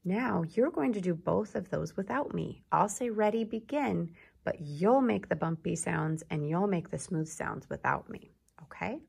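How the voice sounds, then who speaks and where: A woman's voice: fairly low pitch, animated, moderate pace, gravelly, a little mellow, breathy edge. A woman teacher giving a patient phonics lesson to young children, drawing out and sounding out words.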